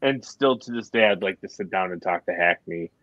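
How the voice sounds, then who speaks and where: A man's voice: sits low, brisk, fairly bright tone, dry recording. A man from New York guesting on a fishing podcast, rambling through stories in a thoughtful way. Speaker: guest angler. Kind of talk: casual podcast chat. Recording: dull dry lo-fi audio.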